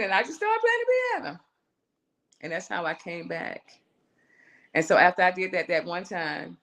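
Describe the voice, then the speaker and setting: A woman, a singer and songwriter, telling a personal story on a live show in a lively way, acting out voices and calling her listener "girl". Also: lowish voice. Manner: animated, acts out her own voice and inner voices, calls the listener "girl".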